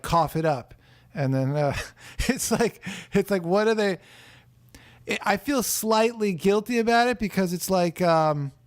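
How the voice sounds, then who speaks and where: A man comedian telling deadpan, absurd stories in loose banter, with many fillers. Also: on the high side, smooth. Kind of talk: joking improvised banter.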